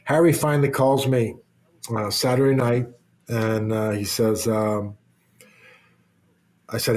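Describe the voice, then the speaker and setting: A man's voice: lowish voice, fairly even intonation, unhurried, long pauses, darkish tone. Ex hockey guy rambling through a story on a podcast, restarts a lot, swears now and then. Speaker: guest, former hockey player. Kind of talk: casual storytelling interview.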